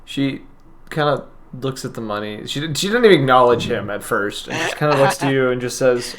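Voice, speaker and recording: A man's voice: medium pitch, expressive, fairly quick. A man narrating a tabletop game as game master, talking casually with lots of fillers. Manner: casual, many fillers and hedges.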